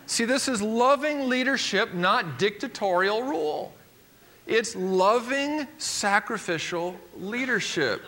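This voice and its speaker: A male pastor preaching a sermon, emphatic and swinging from loud declarations to hushed, quiet points. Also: high-pitched, expressive, slow pace, a little hiss or hum.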